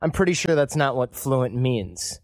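A man's voice: medium pitch, sing-song, normal speed, no echo, studio quality. A man hosting a podcast who chats casually and jokes, acting out little back-and-forth exchanges. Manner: jokey, acts out little dialogues. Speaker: podcast host. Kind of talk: casual interview chat.

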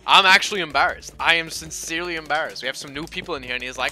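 A man streaming a game, rambling and swearing, swinging between loud outbursts and low mumbling. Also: expressive, quick pace, few pauses. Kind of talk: casual live-stream commentary. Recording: faint game music behind.

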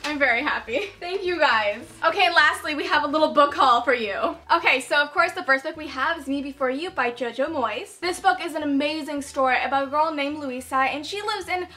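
A young woman book vlogger, gushing and excitable, talking casually to camera with lots of fillers while unboxing. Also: high voice, fairly quick, hardly any pauses.

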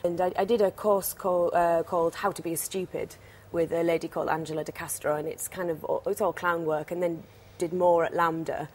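A young actress with a Teesside accent, chatting in a TV interview in a bubbly, rambling way. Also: female voice, on the low side, little pitch movement, brisk, a little mellow. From Teesside, England. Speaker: actress, studio guest.

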